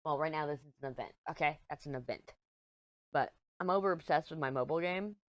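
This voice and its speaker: Crafting as she talks, a middle-aged diamond painting vlogger tells a rambling story in a casual chat, giggling frequently. She speaks fast in a low voice, and there's no echo.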